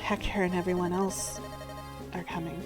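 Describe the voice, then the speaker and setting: A woman's voice: on the low side, flat delivery, moderate pace, over music, close to an everyday voice. A woman voicing an earnest young male noble lord as she reads game dialogue aloud, in close to her own voice.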